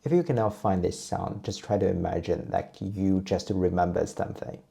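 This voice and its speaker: Low gravelly-voiced man teaching tones. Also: normal speed. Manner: patient, steady teaching voice, repeats drill sounds. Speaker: Chinese teacher. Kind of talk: explaining and modeling pronunciation.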